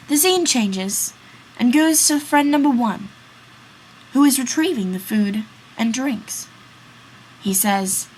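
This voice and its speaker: A woman's voice: fairly high pitch, expressive, darkish tone, slight background noise, low-quality recording. A woman narrating a classic tale in a read-aloud story summary. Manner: slow, storytelling.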